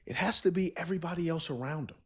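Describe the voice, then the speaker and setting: A man's voice: on the high side, fast, breathy edge. Emphatic man analyzing football. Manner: emphatic, repeats points, acts out what defenses think. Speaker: former pro football player giving analysis. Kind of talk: sports analysis commentary.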